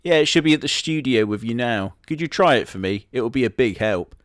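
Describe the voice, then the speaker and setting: A man's voice: mid-range voice, animated, a little fast, no room sound, natural voice. A man playing a boastful immortal wolf, speaking with a Southwest English accent in a dry, matter-of-fact way. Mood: deadpan. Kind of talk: comedy sketch character monologue.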